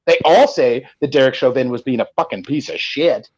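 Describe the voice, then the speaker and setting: A man's voice: medium pitch, lively intonation, brisk, darkish tone, breathy edge, muffled recording. Blunt, profane man arguing hotly. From San Francisco Bay Area, US. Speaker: podcast guest and musician. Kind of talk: heated debate.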